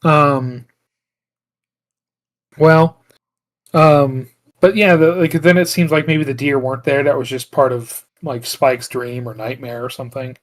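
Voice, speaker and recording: A podcast co-host with a mid-range voice speaks at a measured pace in a steady tone. He recaps a film in casual chat, rambling through the plot with plenty of "like" fillers, other filler words and restarts.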